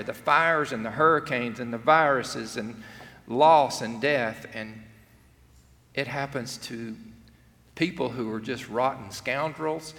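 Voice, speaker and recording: A man's voice: mid-range voice, creaky, a bit bright. A middle-aged man, preaching an earnest, conversational sermon and acting out quotes. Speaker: pastor. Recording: long hall reverb.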